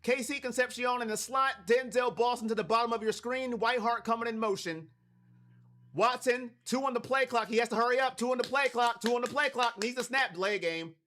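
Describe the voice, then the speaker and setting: A man's voice: very high-pitched, fairly quick. A man from Cleveland hosting a live watch party stream, calling plays and talking to his chat. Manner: hypes chat, shouts on big plays.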